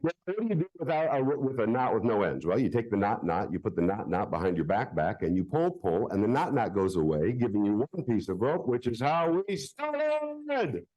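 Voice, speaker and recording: A man's voice: on the low side, very animated, a little fast, few pauses, warm tone, lo-fi sound. A man performing a live magic show for children at a public library, joking playfully with the crowd.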